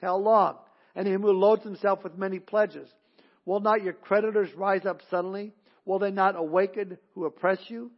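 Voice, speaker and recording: A man preaching a sermon, reading scripture aloud and slowing down to stress key words, with small restarts. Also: high-pitched, creaky, dull audio. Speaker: pastor.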